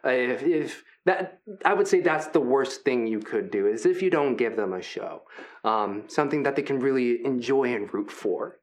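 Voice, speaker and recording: A man voicing a huge, gentle, triceratops-like male arena performer who gives friendly, rambling pep talks. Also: medium pitch, expressive, normal speed, close to an everyday voice.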